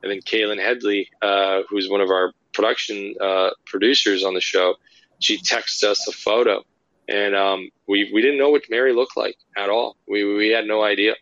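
A man, a paranormal investigator, telling lively, rambling anecdotes with lots of fillers in a casual interview. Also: on the low side, moderate pace, no room sound, dull audio.

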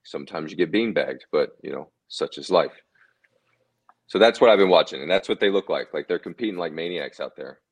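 A man, a former ballplayer, telling relaxed anecdotes as a guest in a casual interview, often chuckling. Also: low voice, fairly quick, husky. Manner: laid-back, chuckling anecdotes.

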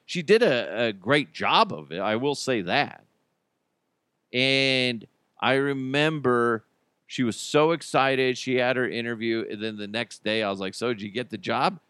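A man's voice: mid-range voice, lively intonation, a little slow, a bit bright, smooth, dry recording. A man hosting a podcast in casual solo chat, rambling and joking with lots of filler words. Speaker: podcast host.

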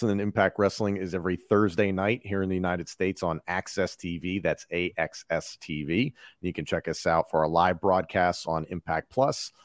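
A man speaking as a podcast guest in a casual interview, confident and measured, listing things off one after another. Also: sits low, dry recording, studio quality. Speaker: podcast guest, wrestling commentator.

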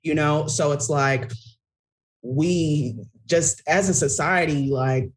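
A woman's voice: sits low, takes it slowly. A woman guest talking bluntly on a podcast over a video call, swearing freely as she speaks. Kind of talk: casual chat.

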